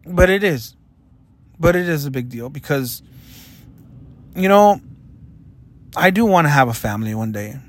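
A man's voice: on the high side, lively intonation, unhurried, pauses often. A young man talking earnestly and self-critically in a confessional vlog monologue. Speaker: vlogger.

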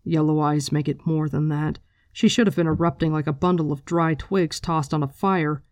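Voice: medium pitch, steady tone, moderate pace, no echo, clean studio sound. A host casually recapping a book with blunt, profane chat, mixed with reading passages aloud.

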